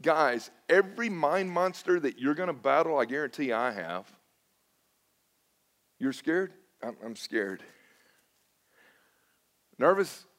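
High-pitched middle-aged guy preaching, casual and self-deprecating, acts out old conversations. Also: animated, slow, pauses often, a bit bright. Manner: storytelling, acting out his own past dialogue. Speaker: pastor. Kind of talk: sermon.

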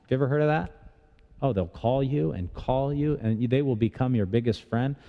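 A man's voice: medium pitch, normal speed, muffled recording. A man preaching a sermon as pastor, talking in a conversational way with rhetorical questions and touches of humor. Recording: long reverb of a large hall.

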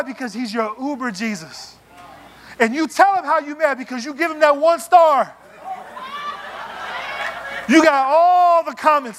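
A man preaching a sermon in a church, animated and playful, acting out little scenes as he goes. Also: very high-pitched, a little slow, long pauses, slight background noise. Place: church sanctuary.

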